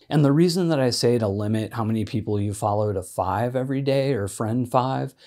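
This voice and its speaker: An independent filmmaker speaks straight to camera, offering practical social media marketing tips in a conversational way with casual fillers. His voice is fairly low and a little mellow.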